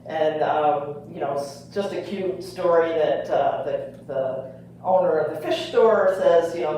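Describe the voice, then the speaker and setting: A woman's voice: sits low, a little slow, mellow, a little hiss or hum. Older woman telling a story in an echoey room. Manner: chatty, with fillers and laughs. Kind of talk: live comic storytelling. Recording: echoey room, mic far off.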